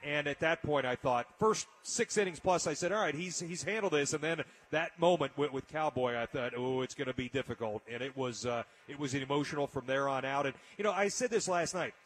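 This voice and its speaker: Husky-voiced man telling a story on radio. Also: fairly high pitch, fairly quick, few pauses, fairly bright tone. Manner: storytelling, emotional, frequent restarts. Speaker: radio host. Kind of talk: casual radio chat.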